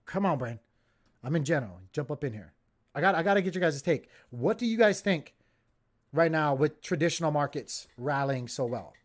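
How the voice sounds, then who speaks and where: A man hosting a casual crypto livestream, giving excitable, jokey market commentary straight to his viewers. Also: on the high side, normal speed.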